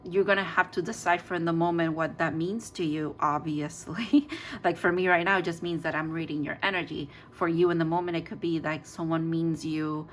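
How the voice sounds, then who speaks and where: A woman's voice: deep voice, fairly even intonation, a little fast, a little hiss or hum. A woman giving a casual tarot reading, chatty and rambling, with many fillers and restarts. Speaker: tarot reader.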